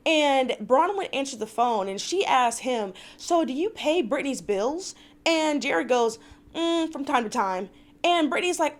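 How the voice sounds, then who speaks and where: A woman's voice: high-pitched, expressive, moderate pace. Blunt, opinionated young woman vlogger. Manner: blunt, opinionated, exasperated asides. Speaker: reality TV recap vlogger. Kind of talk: casual recap commentary.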